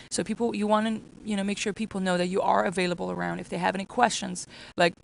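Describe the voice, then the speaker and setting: Woman, workplace trainer, mid-pitch voice with vocal fry, repetitive coaching delivery. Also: steady tone, brisk, poor audio. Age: adult with children. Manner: repetitive, acts out customer exchanges. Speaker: restaurant staff trainer.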